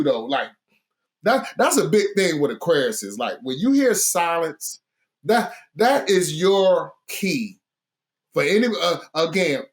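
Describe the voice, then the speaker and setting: A woman guest chatting casually in slang, repeating phrases and saying "like" a lot. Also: on the low side. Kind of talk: casual chat.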